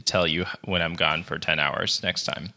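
A man's voice: sits low, fairly even intonation, moderate pace, sharp tone. A man co-hosting a casual podcast with his partner, easygoing and dry in his storytelling. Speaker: podcast co-host.

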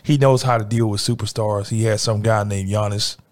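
A man's voice: fairly low pitch, steady tone, brisk. A man co-hosting a casual sports podcast, arguing in an emphatic, slangy way.

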